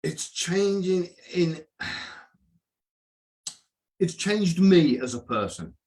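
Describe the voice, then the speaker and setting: A man hosting a casual live chat, speaking earnestly with some halting restarts. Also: high-pitched, sing-song, a little mellow. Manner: earnest, a bit halting, repeats words when he starts. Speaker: host.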